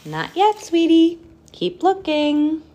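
A woman voicing a caring mother bat who speaks softly but firmly to her child. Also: mid-range voice, very animated, takes it slowly. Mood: gentle. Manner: soft, protective and firm.

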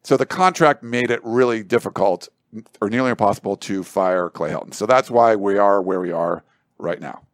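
A man's voice: lowish voice, normal speed, dry recording. A man giving casual sports commentary on a studio talk show, rambling and thinking aloud with lots of filler words and food analogies.

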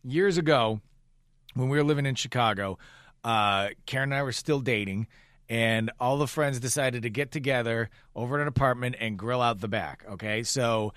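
A man's voice: mid-range voice, moderate pace, clear, resonant tone, no echo, studio quality. A middle-aged man co-hosting a casual chat, telling stories with playful exaggeration. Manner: animated storyteller, playful exaggeration.

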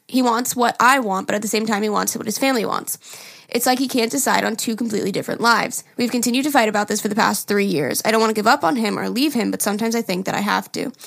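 A woman co-hosting a casual podcast. She talks frankly and teases her co-host, and she reads listener emails aloud in an even voice. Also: on the high side, vocal fry.

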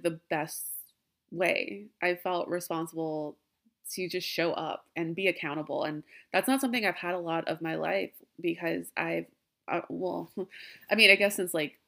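A woman's voice: on the low side, gravelly, a bit bright. A young woman hosting a podcast from her den at home, talking casually and emotionally in a rambling way with frequent laughs. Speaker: podcast host. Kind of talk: casual heartfelt farewell talk. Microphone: laptop.

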